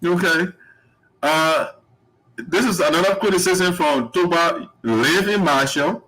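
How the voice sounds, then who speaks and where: A man's voice: on the high side, slow pace, pushed and bright, low-quality recording. A man hosting a live online talk show, rambling, laughing often and reading out viewer comments. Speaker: host.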